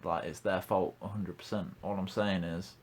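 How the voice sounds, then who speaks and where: A man's voice: deep voice, steady tone, moderate pace, breathy edge. A young man hosting a casual podcast, blunt and ranting, swearing freely. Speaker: podcast host.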